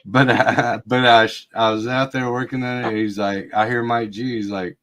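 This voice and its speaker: A man's voice: mid-range voice, flat delivery, a bit bright. A man telling old stories in a casual, profane chat, laughing often. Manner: profane, laughing, slow drawl. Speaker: podcast host.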